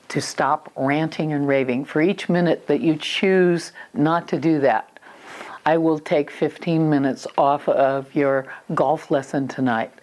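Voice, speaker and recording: A woman's voice: deep voice, a little mellow. A woman parenting coach giving firm, matter-of-fact advice on handling children, with some fillers and restarts.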